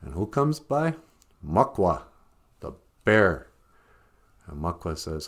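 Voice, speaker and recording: Unhurried man telling a folk tale. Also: low-pitched. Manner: relaxed, unhurried, with fillers and chuckles. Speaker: storyteller and channel host. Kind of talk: casual spoken folk tale.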